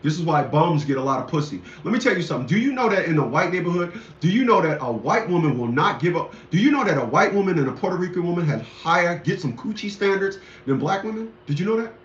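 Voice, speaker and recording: A man's voice: on the high side, sing-song, fast, hardly any pauses, slight background noise. A man delivering a rambling, indignant ranting monologue, repeating himself often. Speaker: commentator. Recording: echoey, dull lo-fi room sound.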